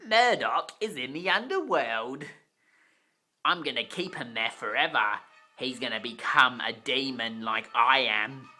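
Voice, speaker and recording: A reader doing a gloating demon steam engine, drawling out every taunt with slow, mocking relish. The tone is bright and sharp, with faint music underneath this homemade storybook reading. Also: mid-range voice, lively intonation.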